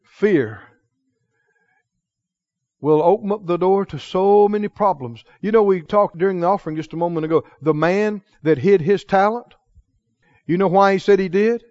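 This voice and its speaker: High-voiced preacher in a lo-fi recording. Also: male voice, a little mellow. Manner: emphatic, call-and-response with the congregation; slows for key phrases, acts out dialogue in quoted voices. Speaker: pastor. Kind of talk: sermon. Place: church.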